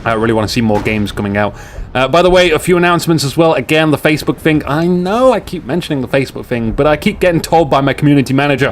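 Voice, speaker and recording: A man shoutcasting a strategy game, excitable and jokey, with rambling asides to his viewers. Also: mid-range voice, fast talker, background noise. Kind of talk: live game commentary.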